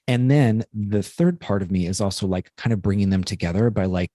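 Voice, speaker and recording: A man's voice: on the low side, a little fast, hardly any pauses, warm tone, no room sound, studio quality. A man co-hosting a podcast, talking through a personal story in an earnest, rambling way with lots of fillers. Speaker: podcast co-host. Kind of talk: casual reflective podcast chat.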